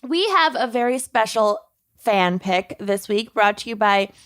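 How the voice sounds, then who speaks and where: A woman co-hosting a podcast in casual chat, playful with quick asides. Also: mid-range voice, animated, fairly bright tone, dry recording, clean studio sound. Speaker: podcast co-host.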